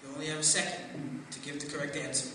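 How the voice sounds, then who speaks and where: A man doing a stand-up comedy practice set, telling stories and acting out other people in high voices. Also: little pitch movement, fast. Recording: roomy echo, far from the mic, noisy.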